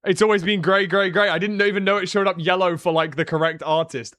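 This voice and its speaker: A man streaming a game live, talking to himself in repeated short phrases and bursting into loud, sweary frustration. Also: on the high side, fairly even intonation, quick pace, hardly any pauses, dry recording, studio quality. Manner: swings into loud frustrated outbursts with heavy swearing. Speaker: livestreamer.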